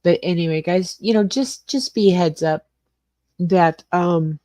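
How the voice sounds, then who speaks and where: Older woman, livestream host, low mellow voice, chatty and rambling, dry close sound. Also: a little slow, dry recording. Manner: chatty, greets viewers by name, rambling. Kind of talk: casual livestream chat with viewers. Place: small garage suite with cement floor.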